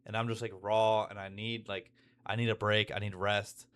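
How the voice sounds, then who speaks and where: A man's voice: fairly low pitch, flat delivery, normal speed, fairly bright tone, a little hiss or hum. A young man in a candid, rambling monologue about his own feelings, full of restarts and fillers. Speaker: vlogger.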